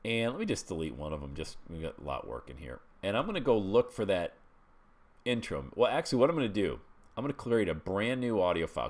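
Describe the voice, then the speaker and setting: A middle-aged man teaching a screen-share webinar, chatty and walking listeners through each step with frequent check-ins. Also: sits low. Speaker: webinar instructor.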